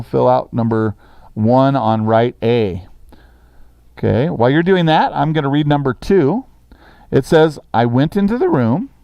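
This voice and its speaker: In a classroom, a middle-aged man runs a sixth-grade language lesson with brisk encouragement, slowly dictating sentences for copying. His mid-range voice is dark and smooth with some vocal fry, and the recording is dry.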